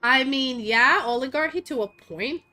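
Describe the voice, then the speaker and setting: A young woman streamer ranting casually in a blunt, profane, animated way, full of fillers, speaking into a desk mic at home. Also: high-pitched, moderate pace. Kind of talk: casual opinionated rant while gaming.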